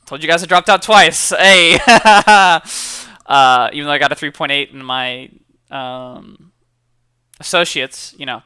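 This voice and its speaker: A man's voice: fairly high pitch, pushed and bright, smooth, no echo, clean studio sound. A young man, a college student, chatting casually and upbeat to camera, with lots of fillers and repeated words. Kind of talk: casual motivational chat to camera.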